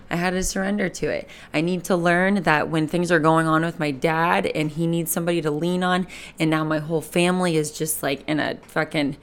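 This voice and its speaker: A young woman in her twenties talking candidly in a personal vlog, rambling and emotional, swearing freely. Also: lowish voice. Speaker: vlogger. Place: Fort Lauderdale, Florida. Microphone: camera mic.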